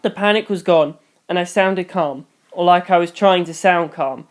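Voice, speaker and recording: A reader narrating a novel in first person, brisk with wry asides. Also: mid-range voice.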